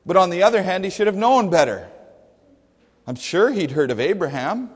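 High-voiced male pastor preaching. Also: expressive, moderate pace, husky. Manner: emphatic, rhetorical questions, dry humor. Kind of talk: sermon. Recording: long hall reverb.

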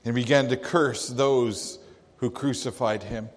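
A man playing a grieving father, slow and hushed. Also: mid-range voice, fairly even intonation, lightly acted. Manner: slow, halting, hushed storytelling. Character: grieving Jewish father of a crucified thief. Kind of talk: dramatic first-person monologue. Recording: long echoey hall reverb.

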